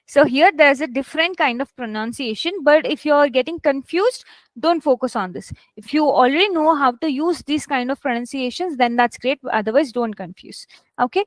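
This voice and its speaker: High-voiced woman teaching a live class. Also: dry recording, rough recording. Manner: chatty, addresses students as guys, many okays; models reading aloud with stressed words and pauses. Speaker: English test instructor.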